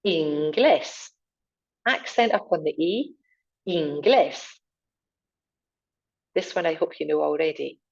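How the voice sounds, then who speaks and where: Casting: low-pitched woman, language teacher, unhurried repeat-after-me drills, slightly dull recording. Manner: slow, clear pronunciation modelling. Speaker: Spanish teacher.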